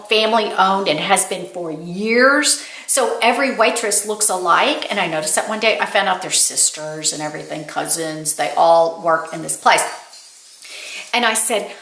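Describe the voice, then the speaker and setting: A woman's voice: medium pitch, moderate pace, fairly bright tone. An older woman, telling stories to her viewers in a chatty, casual way. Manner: chatty storytelling, addresses viewers as y'all. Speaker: lifestyle vlogger. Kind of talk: casual chat. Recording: roomy echo.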